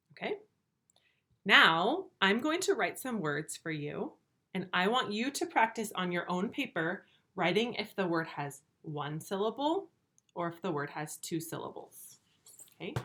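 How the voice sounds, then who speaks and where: A woman teaching a first grade video lesson, speaking slowly and clearly, repeating words and encouraging the children. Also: mid-range voice, sharp tone, a little hiss or hum.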